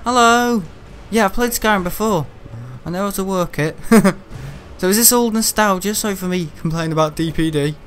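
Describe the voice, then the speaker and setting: Chatty man with a higher voice. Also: a little fast, a little hiss or hum. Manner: rambling and grumbling, with frequent laughter. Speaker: gaming live streamer. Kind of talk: casual livestream chat while playing.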